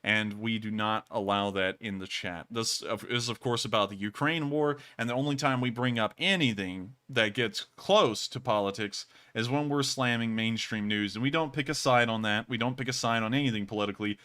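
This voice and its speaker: An American livestream host speaks in a bright, forceful, fairly low-pitched voice, talking casually and earnestly in long, rambling stretches. He keeps thanking his viewers, moving at normal speed with few pauses.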